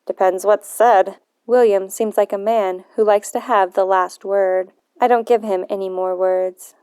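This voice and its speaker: A woman narrating a novel in the first person, in earnest, measured storytelling. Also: mid-range voice, fairly even intonation, warm tone, clean tone, no echo, clean studio sound. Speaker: audiobook narrator.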